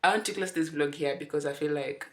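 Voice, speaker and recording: A woman's voice: low-pitched, quick pace. A young woman, chatting casually in a vlog and switching between English and Swahili. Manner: mixes English with Swahili, bubbly and giggly when excited. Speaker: vlogger.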